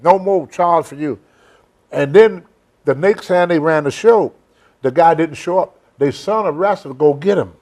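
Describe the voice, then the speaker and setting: A man's voice: fairly high pitch, moderate pace, a little mellow. Older man telling rambling folksy stories. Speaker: host. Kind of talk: casual storytelling chat.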